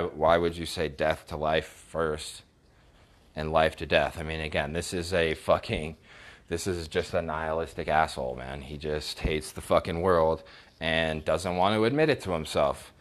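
A very deep-voiced man vents in a casual storytime rant, swearing constantly with open scorn. He stumbles and restarts his sentences again and again. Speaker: vlogger recounting text messages.

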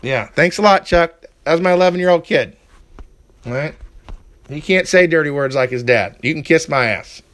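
A man's voice: fairly high pitch, moderate pace, long pauses, a bit bright. Man hosting a casual wrestling chat. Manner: rambling, with frequent fillers and a heated rant. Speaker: podcast host previewing wrestling matches.

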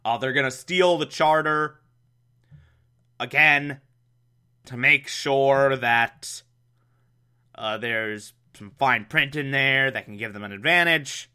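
A show recapper with a mid-range, sharp, resonant voice speaks slowly with long pauses, recorded clearly. Sarcastic and exasperated, he recaps an old TV episode, mocking it and laughing at it.

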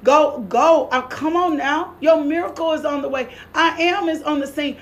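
A woman's voice: high voice, normal speed, few pauses. A middle-aged woman preaching a sermon, fervent and exhorting, repeating her lines with bursts of laughter.

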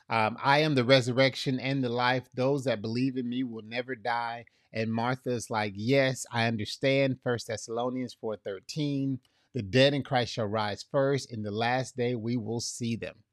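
A man preaching a sermon in a conversational way, acting out scripture dialogue, dropping soft for tender lines and rising for emphasis. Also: unhurried, no echo, clean studio sound. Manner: drops soft and low for tender lines, rises loud for emphasis. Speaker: pastor.

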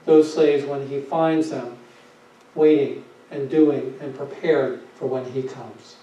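A man's voice: medium pitch, fairly even intonation, slow pace, warm tone. A male pastor preaching a sermon with emphasis, asking rhetorical questions and repeating his phrases. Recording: echoey, dull sound from a distant mic.

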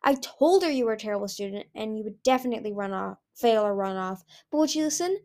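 A woman's voice: medium pitch, lively intonation, quick pace, darkish tone, natural voice. A woman voicing a bossy, scornful male jungle dragon who scolds sarcastically. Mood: scolding.

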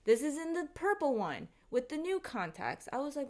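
A woman's voice: mid-range voice, moderate pace, hardly any pauses. Woman vlogger, mid-range voice, chatty and shaken storyteller who swears a lot. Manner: animated, profane, rattled storytelling. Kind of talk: casual storytime monologue.

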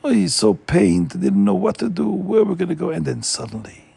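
A man telling a story in an animated, emphatic way, recorded dry and close. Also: sits high, fairly quick, creaky, husky, no echo. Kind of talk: oral storytelling.

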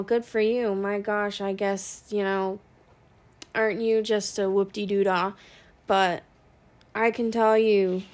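A young woman, a working mother, talking in a blunt, profane, venting monologue. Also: mid-range voice. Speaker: working mom podcaster. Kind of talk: casual monologue.

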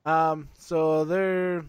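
A man's voice: fairly high pitch, clean tone, no room sound, muffled recording. A man playing a tabletop game, bantering and laughing a lot with the others. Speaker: player. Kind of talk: casual tabletop game play.

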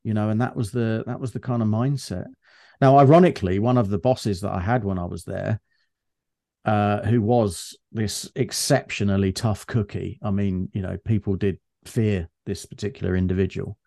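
A middle-aged man telling anecdotes in a casual, animated conversation. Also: on the low side, moderate pace, gravelly, no room sound, studio quality. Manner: chatty, animated anecdotes with restarts.

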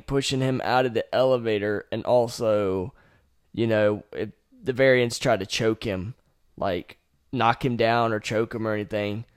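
A man's voice: mid-range voice, clear, resonant tone, dry recording, clean studio sound. A young man hosting a podcast, casually and animatedly retelling a game with profanity and laughing asides. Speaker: podcast host.

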